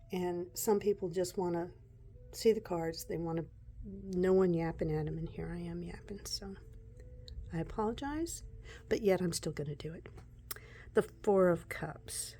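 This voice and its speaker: Slow, mellow-voiced chatty woman. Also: lowish voice, slight background noise. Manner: chatty and excitable, slipping into soft whispers. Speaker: tarot deck reviewer. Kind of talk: casual deck walkthrough.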